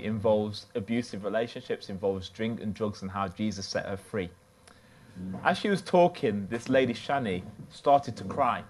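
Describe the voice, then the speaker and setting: A man's voice: on the low side, slight background noise. A man preaching a sermon from the United Kingdom, telling a personal story in a loose, conversational way.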